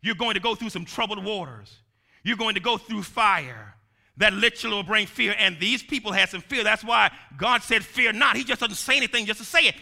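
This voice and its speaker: A male preacher delivering a sermon, emphatic and repetitive, swinging from shouted lines down to low, quiet ones. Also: a little fast, gravelly. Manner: emphatic, rising to shouts then dropping low; repeats lines for the congregation to say.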